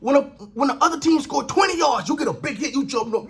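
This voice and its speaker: A man's voice: very high voice, expressive, fast, few pauses. A man hosting a sports channel, giving a casual, emphatic reaction rant, repeating phrases and using slang. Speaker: sports commentary host.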